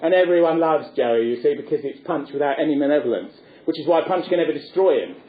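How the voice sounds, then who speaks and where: A man telling a lively, theatrical anecdote as a speaker, chuckling as he goes. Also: on the high side, quick pace. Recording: echoey, phone-like lecture recording.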